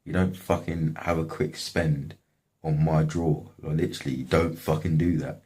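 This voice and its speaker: A man's voice: very deep voice, steady tone, moderate pace, darkish tone. A young man casually telling a story from his life, slangy and swearing often. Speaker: vlogger.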